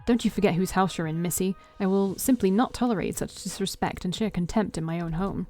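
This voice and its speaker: A woman's voice: medium pitch, brisk, warm tone, faint music behind, lightly acted. A woman voicing a stern, wealthy middle-aged father who lectures and dismisses others in a commanding way, reading from a story game. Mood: scornful.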